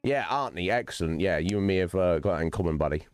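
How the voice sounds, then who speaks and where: A man's voice: sits low, animated, fast talker, clear, resonant tone, no echo, clean studio sound, soft background music. A man hosting his own livestream, chatting to viewers by name in a rambling, philosophical way and swearing freely. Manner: chats directly to viewers by name. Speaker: streamer host. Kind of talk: casual livestream chat while gaming.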